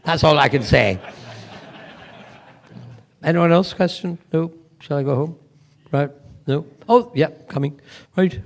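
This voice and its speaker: A man's voice: a little high, unhurried, vocal fry, pauses often. An older man with a Scottish accent, the guest of honour answering fans at a convention Q&A with rambling, playful anecdotes.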